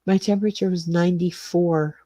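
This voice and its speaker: Low-voiced older woman chatting on a livestream. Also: fairly even intonation, fairly quick, mellow, no echo. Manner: chatty, greets viewers by name, rambling. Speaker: livestream host. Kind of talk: casual livestream chat with viewers. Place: small garage suite with cement floor.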